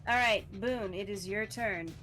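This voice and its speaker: A woman acting as game master in a tabletop game over voice chat, relaxed and often laughing. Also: mid-range voice, unhurried, over music. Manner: relaxed, counts squares aloud, laughs often. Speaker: dungeon master.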